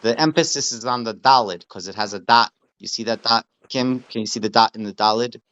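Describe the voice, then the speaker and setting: A man teaching a study session, reading text aloud slowly and repeating words to explain pronunciation. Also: medium pitch, a bit bright, highs cut off.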